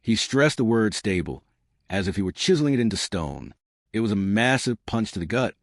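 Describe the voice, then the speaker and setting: Brief: fifties man, low and animated storytelling narration. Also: fairly quick, no echo, clean studio sound. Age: 50s. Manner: expressive, storytelling. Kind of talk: scripted first-person story narration.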